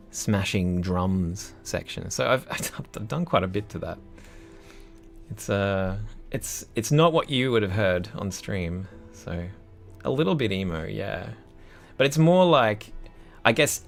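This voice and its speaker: Low and touched with vocal fry, the voice belongs to a young Australian composer casually chatting with his livestream audience. He reads their messages in a loose, easygoing ramble and laughs often.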